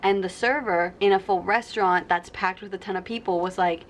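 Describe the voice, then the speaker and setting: A woman's voice: medium pitch, fairly even intonation, a little fast. Young woman vlogger, chatty storyteller; faint room noise under her voice. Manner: chatty storytelling, acts out quoted people. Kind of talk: casual sit-down vlog.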